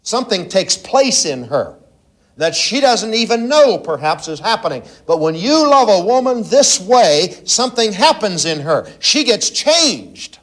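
A man preaching a sermon to a congregation, swinging from loud emphatic lines to hushed, intimate asides. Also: big pitch swings, unhurried. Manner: preaching with sweeping swings in pitch and loudness, drops to near-whisper asides. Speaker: pastor.

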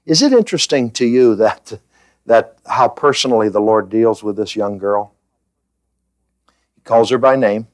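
A man's voice: mid-range voice, expressive, normal speed, pauses often, no echo. A man preaching in conversational Bible-teaching style, who asks the listeners questions and fills gaps with "uh".

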